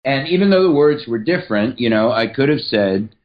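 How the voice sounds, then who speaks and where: A man speaking as a podcast guest and writer, explaining ideas in a measured, teacherly way. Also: mid-range voice, expressive, muffled recording. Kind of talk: explanatory interview talk.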